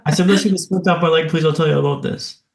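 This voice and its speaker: A man on a podcast tells his own story with punchy, dramatic pacing. His voice sits a touch high with a gravelly edge. He drops self-deprecating jokes along the way. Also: fairly even intonation, fast, echoey room. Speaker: podcast guest and speaker.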